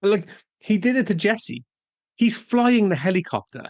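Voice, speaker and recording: A man's voice: sits high, very animated, moderate pace. A man co-hosting a casual film podcast, rambling as he searches for names and details. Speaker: podcast co-host.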